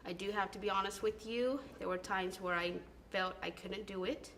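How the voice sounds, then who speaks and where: A young woman, a former band student, speaking an earnest, halting tribute message with frequent ums. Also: medium pitch, fairly even intonation, fairly bright tone, slight background noise.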